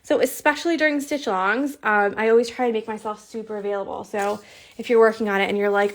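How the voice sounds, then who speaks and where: A woman's voice: medium pitch, fairly even intonation, fairly quick. A woman hosting a stitch-along video, chatting casually and encouragingly with lots of fillers and muttered asides. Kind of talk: casual chat while showing her screen.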